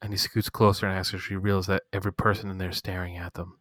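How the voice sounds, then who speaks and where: Brief: animated male podcast co-host, bright tone, very dry close sound, loose and profane recap. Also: low voice, fast talker, dry recording. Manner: animated, swears freely, acts out characters' lines. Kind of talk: casual TV episode recap.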